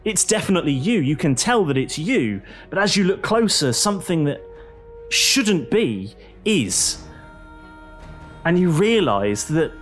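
A man acting as game master, telling the story to the players in the second person with a dramatic storyteller's delivery. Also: a little high. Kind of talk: dramatic tabletop narration.

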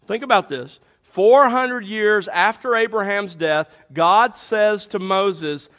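A man's voice: high voice, slow, hardly any pauses, fairly bright tone. A man preaching a sermon, teaching through a Bible passage with emphatic rhetorical questions. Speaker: pastor.

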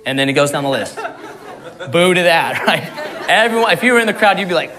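A man's voice: high voice, expressive, moderate pace, long pauses, crowd noise. A man preaching a sermon in a conversational way, often repeating words and laughing at his own jokes. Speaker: pastor.

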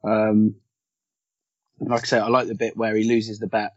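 Husky man swearing in casual chat. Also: lowish voice, monotone, normal speed, a little mellow, no room sound. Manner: laughing, swearing freely. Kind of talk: casual chat about a film. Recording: dull lo-fi sound.

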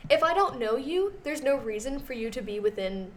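A young woman co-hosting a podcast tells a story in casual, chatty conversation packed with fillers. Her high voice is animated at a moderate pace, with a little hiss or hum in the background.

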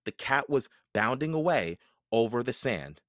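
A man reading a children's book aloud, narrating in a slow, expressive storytelling way. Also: mid-range voice, no room sound, studio quality.

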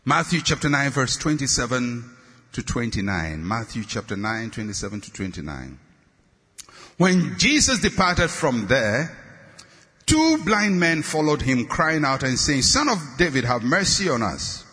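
A man preaching a sermon with passion, climbing to shouts and sinking low on his repeated refrains. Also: big pitch swings, a little slow. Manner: impassioned, rising to shouts and dropping low on refrains. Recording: long hall reverb.

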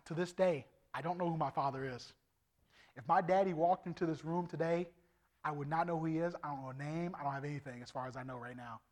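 Man, evangelist, middle-aged, testimony sermon, animated, loud to hushed, fairly high voice.

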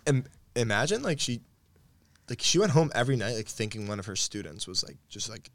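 Young man, animated storyteller, dry close mic, lively pitch. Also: brisk, dry recording. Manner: animated storyteller, acts out quoted dialogue, laughs often. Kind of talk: casual storytelling chat.

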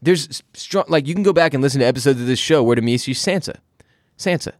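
A man's voice: medium pitch, very fast, no room sound. A male podcast co-host with an everyday mid-range voice who talks bluntly and sarcastically and swears freely. He is recorded close on a dry studio mic. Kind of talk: casual podcast chat and host-read ad.

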